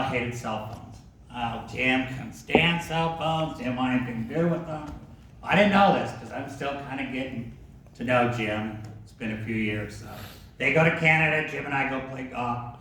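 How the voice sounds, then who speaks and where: Remembering an old golf buddy, a man tells a relaxed, laughing anecdote and swears freely. His voice is medium-pitched and a bit bright, at a normal speed. He is picked up from far off in an echoey room with ambient noise.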